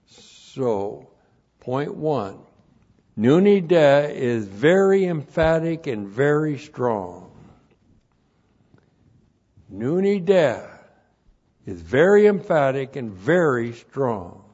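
Slow, methodical male Bible teacher. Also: a little high, a little mellow. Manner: methodical, repeats each numbered point slowly; spells out Greek words letter by letter. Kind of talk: Bible study lecture on Greek words. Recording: dull lo-fi recording.

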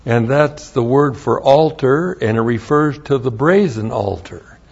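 Man, bible teacher, very slow deliberate delivery, spells words out, muffled lo-fi sound. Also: mid-range voice, expressive, gravelly, darkish tone, husky. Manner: repeats key phrases for emphasis. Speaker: pastor.

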